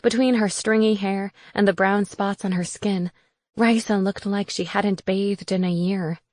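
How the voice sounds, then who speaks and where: Woman audiobook narrator, wry and even, close dry studio mic. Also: mid-range voice, unhurried, no room sound. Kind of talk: first-person audiobook narration.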